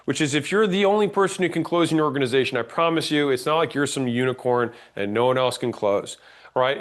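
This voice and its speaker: A man teaching a workshop on sales call scripts, lively and direct, acting out sample calls and checking in with "right?". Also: a little high. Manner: energetic, acts out sample calls, frequent "right?" check-ins. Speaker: sales trainer.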